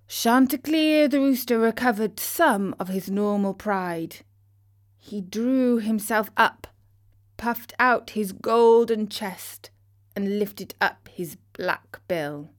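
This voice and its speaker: Female storybook narrator, slow and expressive. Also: mid-range voice.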